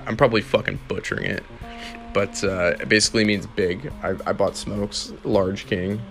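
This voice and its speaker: A man's voice: lowish voice, fairly even intonation, normal speed, a bit bright, soft background music. A young man hosting a casual solo podcast, rambling and profane, laughing now and then as he talks. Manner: rambling, profane, laid-back, laughs often. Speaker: podcast host.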